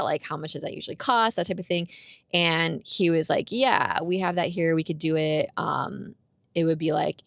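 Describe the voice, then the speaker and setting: Young woman vlogging, chatty, lots of "like", lowish gravelly voice, dry close sound. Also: dry recording. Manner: chatty, full of "like", acts out quotes. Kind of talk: casual storytelling vlog.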